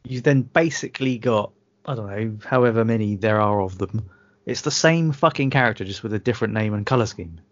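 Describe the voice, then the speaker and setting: A man's voice: on the low side, fairly quick, no room sound, dull audio. A British man co-hosting a podcast, rambling drunkenly, swearing and laughing at his own jokes. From Britain. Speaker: podcast co-host. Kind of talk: drunken casual chat.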